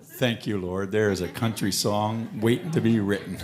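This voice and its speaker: A man's voice: lowish voice, steady tone, moderate pace. A male country singer-songwriter chatting between songs on a live stage, rambling and anecdotal with lots of fillers. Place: stage at a live music event. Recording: guitar playing behind the voice. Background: acoustic guitar.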